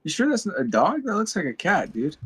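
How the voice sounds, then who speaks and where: A man's voice: high-pitched, wildly swooping pitch, fairly quick, a crowd in the background. A man streaming a game, joking around in playful, hesitant banter. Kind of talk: casual in-character banter.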